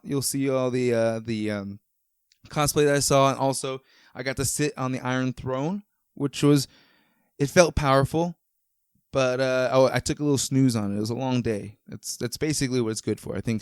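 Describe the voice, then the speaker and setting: A man's voice: medium pitch, darkish tone, clean tone, dry recording, studio quality. A man hosting a podcast, chatting casually and rambling with enthusiasm, with many fillers and restarts. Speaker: podcast host. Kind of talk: casual chat.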